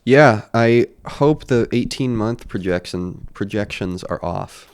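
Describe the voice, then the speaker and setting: A young man with a lowish voice chatting casually on a podcast. He speaks thoughtfully and slips in dry, wry one-liners. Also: slow, clear, resonant tone. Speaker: podcast co-host. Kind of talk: casual chat.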